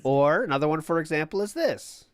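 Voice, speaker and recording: A man's voice: on the high side, expressive, a little fast, slight background noise. A man hosting a live watch-party stream, chatting casually with sarcastic, profane asides and frequent laughs.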